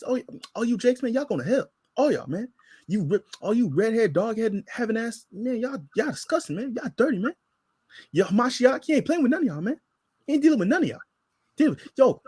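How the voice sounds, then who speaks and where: A contemptuous male street preacher rants on and on, handing out condemnation, as a man puts him on. The voice sits high with a husky grain. His pitch swings widely as he preaches. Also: sing-song, fairly quick, darkish tone, dry recording, clean studio sound, exaggerated voice. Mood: condemning. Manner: harsh, preachy, repetitive tirade.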